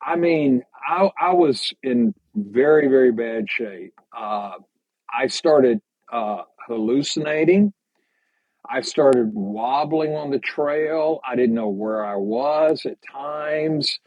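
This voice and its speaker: An older man, a podcast guest, telling hiking stories in a halting, unhurried way during a casual interview. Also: mid-range voice, no echo. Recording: slightly dull lo-fi sound.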